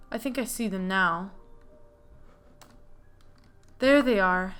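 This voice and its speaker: Young woman gamer, chatty and excitable, smooth clear voice, some keyboard clicks behind. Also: medium pitch, takes it slowly, pauses often, faint music behind. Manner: chatty, excitable, reads game dialogue aloud. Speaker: gaming video host. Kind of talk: casual let's play commentary.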